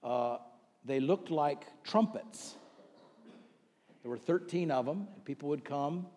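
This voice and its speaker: A man's voice: a little high, lively intonation, slow, warm tone. A man preaching a sermon in a conversational way, asking the congregation questions and rising into emphatic bursts. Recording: long reverb of a large hall.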